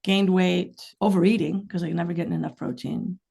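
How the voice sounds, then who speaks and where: A middle-aged woman chats as a podcast guest, her low voice carrying a gravelly rasp. She rambles through candid stories full of frank, lively asides. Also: brisk. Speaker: guest, singer-songwriter. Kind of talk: casual podcast interview chat.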